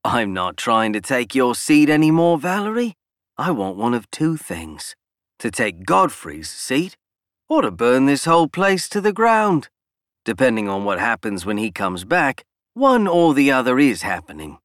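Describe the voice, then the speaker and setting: A man's voice: big pitch swings, measured pace, fairly bright tone, dry recording, studio quality. A man doing a brash, boastful schemer. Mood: threatening. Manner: snapping, boastful, raised pitch. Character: brash arrogant male politician, scheming.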